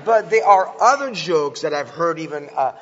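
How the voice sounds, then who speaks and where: A man giving an earnest, animated talk to an audience, often restarting his sentences and filling pauses. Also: fairly high pitch, a faint crowd. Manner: earnest, with frequent restarts and filler sounds. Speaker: speaker teaching about antisemitism. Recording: dull lo-fi sound with long hall reverb.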